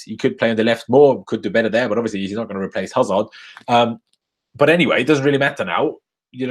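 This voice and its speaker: A young man live-streaming a rant after a football match, angry and swearing, jumping from loud outbursts to low muttering into a desk microphone. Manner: angry, swearing, swings between shouting bursts and low muttering.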